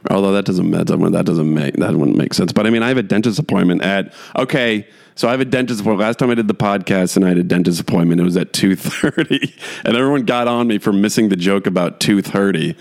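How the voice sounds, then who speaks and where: A man's voice: low voice, fast talker, creaky, darkish tone. A man hosting a podcast, chatting casually and rambling with lots of fillers and frequent chuckles. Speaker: podcast host. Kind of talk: casual solo podcast chat.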